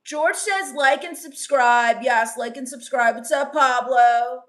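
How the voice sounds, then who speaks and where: A woman in character as a moody, contemptuous goth teenage vampire reads viewers' chat on a comedic live stream, mocking them with deadpan sarcasm. She speaks in a high voice and takes it slowly.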